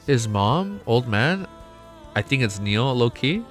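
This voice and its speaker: A young man streaming a casual reaction, excitable and swearing often, laughing between remarks. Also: mid-range voice, slow, faint music behind. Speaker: streamer reacting to a web novel. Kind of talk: casual live reaction chat.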